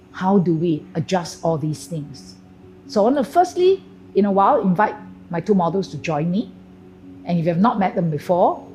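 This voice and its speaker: A middle-aged woman presenting a lesson on etiquette, speaking clearly and deliberately, slowing down to stress key phrases. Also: on the low side, a little mellow, slight background noise, low-quality recording. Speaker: etiquette and grooming trainer.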